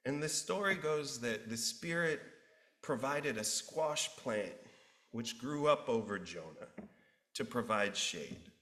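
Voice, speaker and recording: A male pastor preaching a sermon, an animated storyteller who acts out the characters. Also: mid-range voice, slow pace. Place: church sanctuary. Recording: roomy church echo.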